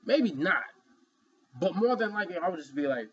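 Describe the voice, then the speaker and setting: Husky man giving rambling commentary. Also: high-pitched, lively intonation, moderate pace, a bit bright, dull audio. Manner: rambling, emphatic, many "you know" fillers. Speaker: vlogger. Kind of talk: opinion commentary.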